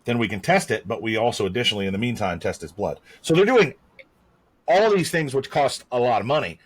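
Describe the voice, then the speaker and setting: A man's voice: medium pitch, expressive, fairly quick, dry recording. A man co-hosting a podcast, talking in a rambling, matter-of-fact and profane way. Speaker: podcast co-host. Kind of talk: casual podcast chat.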